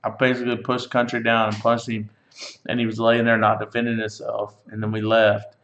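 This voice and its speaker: A man's voice: on the low side, monotone, fairly quick, a bit bright. A man in his thirties hosting, telling a joking, profane story. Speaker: podcast host. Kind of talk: casual storytelling chat. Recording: echoey room, dull lo-fi sound.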